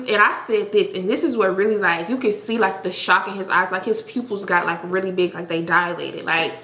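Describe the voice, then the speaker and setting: Blunt, bright-voiced woman storyteller. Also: mid-range voice, fairly even intonation, brisk, hardly any pauses. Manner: blunt, frank, heavy use of "like". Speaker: storytime vlogger. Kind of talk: casual storytelling to camera. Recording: roomy echo, faint background noise.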